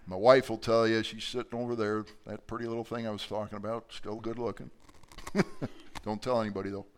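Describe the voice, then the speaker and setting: An older man teaching a Bible class in a church, with a dynamic delivery that swings from loud emphasis to quiet asides in front of a live audience. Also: lowish voice, flat delivery, fairly quick, clean tone. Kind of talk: sermon-style Bible teaching.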